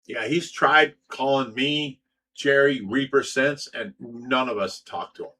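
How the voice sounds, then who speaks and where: A man's voice: mid-range voice, unhurried, bright, forceful tone. A man hosting a livestream, telling a story in a heated, profane way. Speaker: host. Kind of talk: livestream chat.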